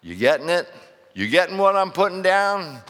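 A male pastor with a high, slightly bright voice preaches a sermon at normal speed, very animated throughout. He tells stories and builds to fervent preaching, calling out questions to his congregation. The sound echoes around a church hall.

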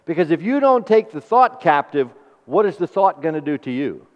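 Animated preacher man in an echoing hall. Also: on the high side, moderate pace. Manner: animated call-and-response preaching with homely stories. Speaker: pastor. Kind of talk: sermon. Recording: dull recording with long hall reverb.

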